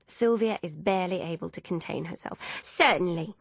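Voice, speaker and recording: A woman narrating an audiobook in a steady, measured storytelling manner. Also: fairly low pitch, creaky, no room sound. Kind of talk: scripted narration.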